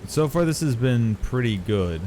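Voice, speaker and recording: A man's voice: medium pitch, animated, normal speed, dark tone, a little hiss or hum. Casual male game streamer. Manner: chatty, swears casually, talks to chat. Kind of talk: casual gameplay commentary.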